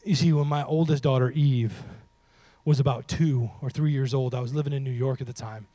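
A man preaching a sermon, animated and humorous, talking straight to his audience and dropping to a hush for emphasis. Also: medium pitch, fairly quick, no echo. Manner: animated, swings from loud to hushed for emphasis; humorous, talks to the audience directly. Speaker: pastor.

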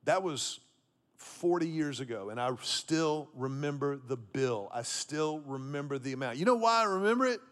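Fifties male pastor from Texas, slightly high voice, storytelling sermon with repeated punchlines. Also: expressive, moderate pace, a bit bright. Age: 50s. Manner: storytelling preacher, repeats key phrases for emphasis. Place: church auditorium with congregation.

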